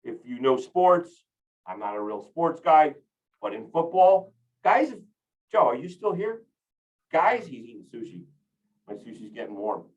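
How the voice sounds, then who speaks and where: Energetic man coaching, distant and lo-fi. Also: fairly high pitch, measured pace, pauses often. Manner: energetic, rambling, with many restarts. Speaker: real estate coach. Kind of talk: casual training talk.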